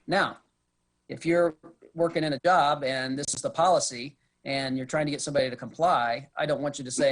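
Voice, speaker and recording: A man's voice: mid-range voice, fairly even intonation, brisk. A man, a police officer, giving a conversational de-escalation presentation to a board over a video call. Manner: conversational, acts out quotes from arrestees.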